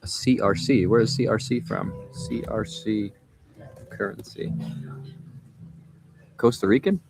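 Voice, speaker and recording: A man's voice: on the low side, measured pace, gravelly, music in the background. A young man hosting a livestream, telling a rambling story in casual chat, often breaking off mid-sentence. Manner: rambling, self-interrupting storytelling. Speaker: livestream host.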